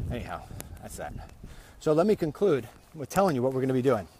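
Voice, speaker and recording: A man's voice: mid-range voice, sing-song, fast, warm tone, slight background noise. A man hosting a casual walk-and-talk vlog, rambling, often restarting and repeating his words as he goes. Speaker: vlog host. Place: walking outdoors.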